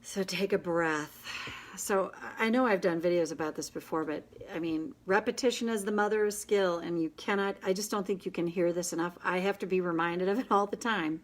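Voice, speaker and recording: A woman hosting a casual live session, coaching a group in an earnest, gentle and encouraging way, with quick asides. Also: on the low side. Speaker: inner child tapping coach, host.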